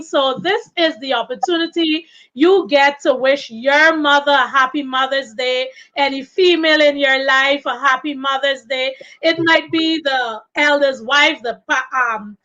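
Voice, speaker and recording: High-voiced woman host urging on a live chat. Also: a bit bright, lo-fi sound. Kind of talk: live-stream casual chat.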